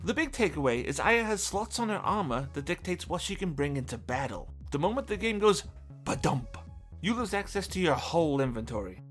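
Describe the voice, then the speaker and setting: A video game reviewer reading a scripted review voice-over with dry, wry humor. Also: medium pitch. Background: faint game music.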